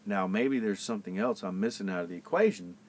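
A man's voice: on the low side, fast talker, a little hiss or hum. A middle-aged man from Florida, a podcast guest, ranting in casual chat with heavy swearing. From Pensacola, Florida. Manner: profane, animated ranting.

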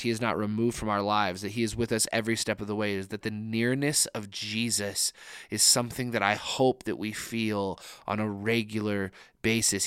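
A man's voice: fairly low pitch, a bit bright, smooth, no room sound, studio quality. A young man preaching a sermon in an earnest, conversational way, with frequent casual fillers. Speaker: pastor.

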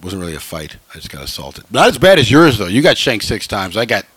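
A man hosting a comedy podcast, telling self-mocking jokes in a deadpan way. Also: lowish voice, quick pace, husky, no echo. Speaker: podcast host, kickboxing instructor.

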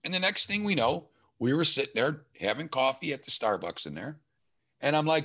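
A man's voice: mid-range voice, a little fast. A man telling a story in casual chat, acting out the lines of the people in it. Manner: animated storytelling, acting out quoted dialogue.

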